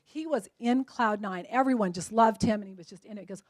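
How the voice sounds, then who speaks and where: A woman in her forties giving a keynote talk at a luncheon, telling lively stories and acting out the voices of the people in them. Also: mid-range voice, fast, dry recording. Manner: lively storytelling, acts out quoted voices. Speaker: motivational speaker.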